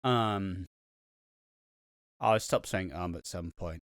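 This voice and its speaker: A man in casual podcast chat, rambling through his thoughts with frequent fillers and the odd swear word. His voice is smooth and clear, recorded close and dry with no room sound. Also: sits low, slow, a bit bright, dry recording. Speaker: podcast host. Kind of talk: casual soap review chat.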